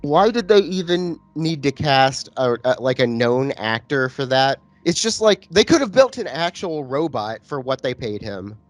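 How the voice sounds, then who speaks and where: A man's voice: mid-range voice, lively intonation, moderate pace, hardly any pauses, no room sound, faint music behind. A man with a mid-range voice co-hosts a casual podcast about a film. He trades profane banter and wry asides, and at times runs down the movie's cast. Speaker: podcast co-host. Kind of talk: casual movie-review chat.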